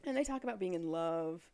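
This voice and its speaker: A woman co-hosting a casual chat, retelling a story with quick quoted lines and frequent laughter. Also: fairly low pitch, a little mellow. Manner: chatty, laughs often, acts out lines of characters in passing. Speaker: podcast co-host recapping a book.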